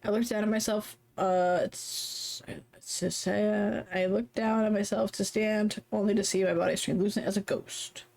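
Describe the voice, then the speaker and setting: A woman streaming a story game live, reading its text aloud and chatting in an animated, giggly way, swearing casually. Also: mid-range voice, normal speed, vocal fry, few pauses.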